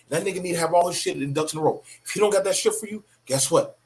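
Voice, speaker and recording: A man's voice: high voice, fast talker. A middle-aged man giving a blunt, profane, preachy opinion monologue about parenting. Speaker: commentator on parenting.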